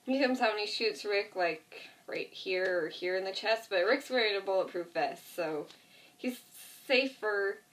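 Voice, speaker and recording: A woman's voice: mid-range voice, unhurried, fairly bright tone. A woman casually retelling a TV episode in a rambling way, full of fillers and asides. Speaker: vlogger. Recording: voice distant from the mic.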